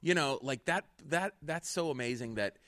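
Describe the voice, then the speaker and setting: A man's voice: a little high, animated, normal speed, a bit bright. Rambling man saying "like" a lot. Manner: rambling, full of "like" and restarts. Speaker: podcast host and comedian. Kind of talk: casual chat.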